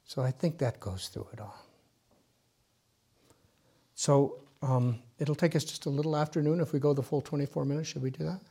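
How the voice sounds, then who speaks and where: Gentle man guiding prayer meditation. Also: fairly high pitch, moderate pace, creaky, pauses often, breathy edge. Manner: gentle, instructive, drops to a near whisper when guiding. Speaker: meditation leader. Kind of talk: guided prayer meditation teaching.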